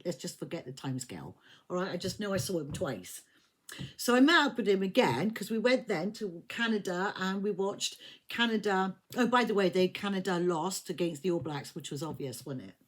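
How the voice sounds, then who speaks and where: A woman's voice: fairly low pitch, lively intonation, fairly quick. Fifties English woman, tarot reader, rambling anecdote delivery, giggly and frank. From England. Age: 50s. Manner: chatty, laughs often, swears, loses track of dates. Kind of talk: casual storytelling.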